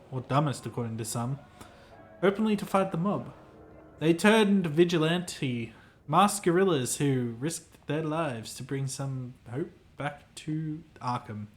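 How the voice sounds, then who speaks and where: A man's voice: fairly high pitch, slight background noise, close to an everyday voice. A man voicing a pompous, self-important male hotel clerk in a game, reading the lines aloud in a formal, fussy, theatrical manner.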